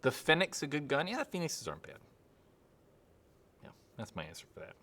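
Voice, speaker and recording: Rambling young man with a lively voice. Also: fairly high pitch, a little fast. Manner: rambling, hesitant, many fillers and laughs. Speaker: channel host answering live chat. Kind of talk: casual live-stream Q&A.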